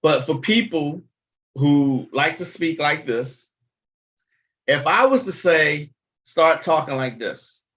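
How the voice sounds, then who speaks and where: A man's voice: on the high side, lively intonation, slow, a bit bright. Blunt man chatting on a livestream. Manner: blunt, chatty, swears freely. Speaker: livestream host. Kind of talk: casual livestream chat.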